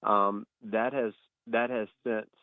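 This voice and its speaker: A man speaks with a low voice over a tinny, narrow-sounding phone line, with a dry sound. He is a state education official taking questions in a radio interview. He talks in a steady, measured way with frequent "uh" and "um" fillers. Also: dry recording. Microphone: phone call.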